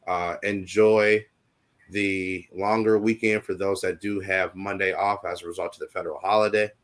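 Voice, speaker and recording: A man's voice: low voice, fairly even intonation, moderate pace, a bit bright. A man co-hosting a casual show, talking in a rambling, reassuring way with many fillers. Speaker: co-host. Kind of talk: casual talk show chat.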